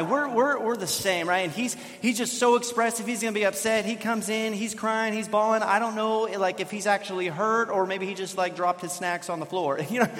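A man's voice: sits high, fairly bright tone. A man preaching a sermon as pastor, telling a family story in a chatty way and often checking in with "right?". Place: church sanctuary. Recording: long reverb of a large hall.

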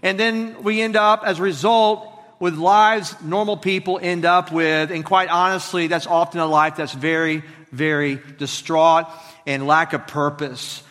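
A man in his forties with a Southern drawl, preaching a sermon as pastor in an energetic, conversational way with joking asides. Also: fairly high pitch, measured pace. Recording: long reverb of a large hall.

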